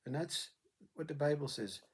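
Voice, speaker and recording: A man giving a reflective spiritual monologue, pausing and repeating words as he searches for them. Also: fairly high pitch, expressive, husky. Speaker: spiritual speaker.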